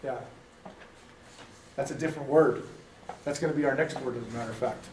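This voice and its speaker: A man's voice: medium pitch, fairly quick, a little mellow, a little hiss or hum. An American man teaching an informal church class, rambling and correcting himself in a folksy way. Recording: echoey room, mic at a distance.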